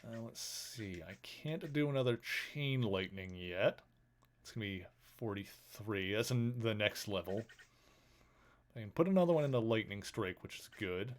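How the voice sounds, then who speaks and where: A man's voice: lowish voice, expressive, moderate pace. Man chatting his way through a game. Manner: thinks aloud, chatty, rambling. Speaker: streamer. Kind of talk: casual gameplay commentary.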